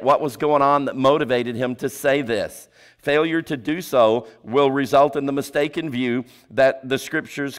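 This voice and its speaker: A male preacher giving a sermon, asking the congregation rhetorical questions and dropping his voice low for emphasis. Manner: drops pitch and volume for emphasis.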